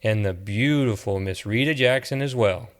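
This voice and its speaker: A man voicing an effusive, flirtatious male security guard in an audiobook, talking in an enthusiastic, flattering way. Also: fairly low pitch, normal speed, natural voice. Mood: gushing.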